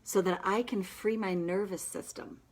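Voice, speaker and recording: A woman practitioner guiding listeners through a tapping session with slow, emphatic affirmations. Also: mid-range voice, fairly even intonation, breathy edge.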